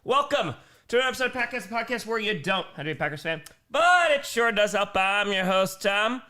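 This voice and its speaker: A man's voice: high voice, fast. A young man with an Upper Midwest American accent, hosting a live football stream from home, calling plays and reading chat comments. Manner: energetic, calls plays and reads chat comments. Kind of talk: live play-by-play and chat reactions. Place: home room.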